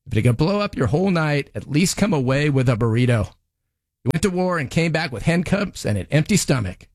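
A stern, sarcastic TV judge tears into a defendant in a lively, up-and-down voice that swings between mockery and disbelief, as a man reads her part. The pitch sits a little high for a man, and the sound is dry and close. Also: brisk, no echo. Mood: scolding. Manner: sarcastic, scolding, mocking the defendant. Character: stern, scolding female TV judge handing down rulings. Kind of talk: comedic courtroom monologue.

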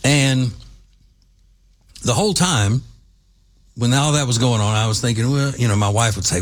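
A man's voice: mid-range voice, normal speed, pauses often. A man from the United States hosting an opinionated commentary monologue, emphatic and combative, hammering his points home through repetition. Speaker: political commentary host.

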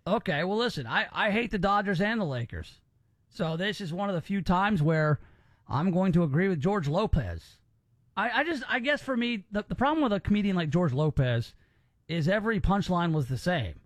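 A man's voice: high voice, expressive, moderate pace, dry recording, studio quality. A man hosting a podcast, giving opinions in casual chat and often repeating words as he restarts. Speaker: podcast host.

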